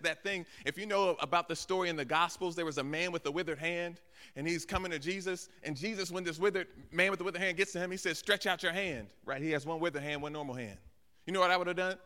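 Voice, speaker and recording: A man's voice: sits high, pushed and bright. A man, a guest pastor, preaching a sermon live in a church and acting out voices in the dialogue he tells. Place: church sanctuary with balcony. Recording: church hall reverb.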